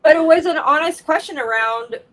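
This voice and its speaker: A woman life coach chatting casually, an animated storyteller who acts out the quotes she tells. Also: sits high, fairly quick, poor audio. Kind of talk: casual chat.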